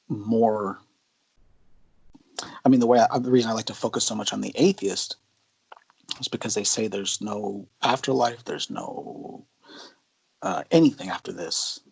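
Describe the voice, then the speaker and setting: A low-pitched man with a husky edge to his voice talks through his point in a relaxed conversational way. He tells stories, stopping and restarting his sentences as he goes. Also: poor audio. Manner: anecdotal, halting with restarts. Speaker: co-host of a Christian mentorship show. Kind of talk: casual discussion.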